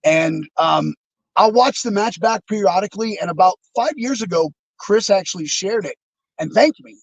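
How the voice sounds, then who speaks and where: A man's voice: sits high, animated, moderate pace, creaky, dry recording, poor audio. A man being interviewed over a video call, telling rambling, reflective stories with many fillers and restarts. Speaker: interview guest, former wrestler. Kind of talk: casual storytelling.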